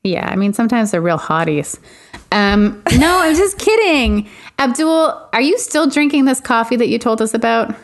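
A woman co-hosting a comedy podcast from her apartment, trading deadpan jokes. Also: a little high, moderate pace. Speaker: podcast co-host. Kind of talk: casual comedic podcast chat.

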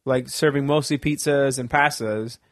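A man's voice: medium pitch, fairly even intonation, moderate pace, no room sound, clean studio sound. A man from Canada, a podcast guest, telling a rambling, jokey story in casual chat. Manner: rambling, jokey, drifts into mock accents.

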